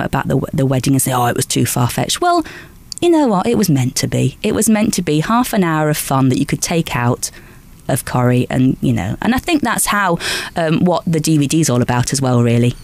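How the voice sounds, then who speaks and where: A woman's voice: low voice, fairly quick, gravelly. Chatty woman. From Lancashire, England. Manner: lively anecdotal storytelling, frequent restarts and small laughs. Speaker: actress, interview guest. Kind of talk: chatty interview answers.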